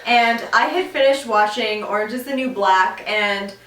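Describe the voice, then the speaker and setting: A woman's voice: fairly high pitch, moderate pace, far from the mic. Young woman podcaster, echoey off-mic sound. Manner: animated storytelling, swears, laughs often. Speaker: podcast co-host. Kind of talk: casual chat.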